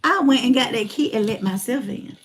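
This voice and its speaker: A woman in her forties with a somewhat high voice tells a personal story with comic flair. She speaks colloquially and keeps repeating phrases to hammer her point home. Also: brisk. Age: 40s. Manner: animated, repeats herself for emphasis, colloquial. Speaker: motivational speaker.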